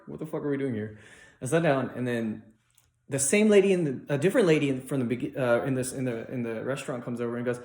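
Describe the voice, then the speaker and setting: A young man performs loose, unrehearsed stand-up, rambling with constant fillers and restarts. He jumps into high, mocking voices to act out the people in his stories. His voice has an ordinary middle pitch and carries the echo of a roomy space. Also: quick pace, darkish tone. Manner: rambling storytelling with many likes and restarts; acts out other people in raised mock voices. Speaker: stand-up comedian.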